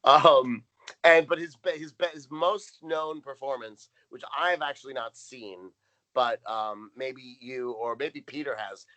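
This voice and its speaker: A man's voice: medium pitch, unhurried, pushed and bright, poor audio. A man co-hosting a podcast, casually recapping a sitcom episode from his notes, with lots of ums and restarts. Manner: rambling, reads out notes with frequent ums. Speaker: podcast co-host.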